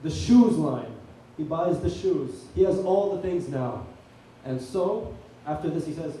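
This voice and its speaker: A man hosting a comedy night, telling a long deadpan shaggy-dog joke on stage. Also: on the high side, a little slow, slight background noise. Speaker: comedy show host. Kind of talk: stand-up comedy set. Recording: echoey room from far off.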